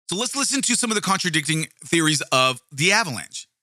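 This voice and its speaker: Bright, brash man riffing between readings. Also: on the high side, big pitch swings, fast talker, few pauses, no echo, studio quality. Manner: profane, wry and emphatic, with frequent restarts. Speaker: video host. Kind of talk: casual commentary mixed with reading aloud.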